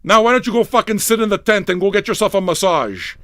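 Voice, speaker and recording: A man hosting a livestreamed record show, ranting with constant swearing, yelling and mocking impressions. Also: high voice, lively intonation, quick pace. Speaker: livestream radio DJ. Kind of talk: profane comic rant.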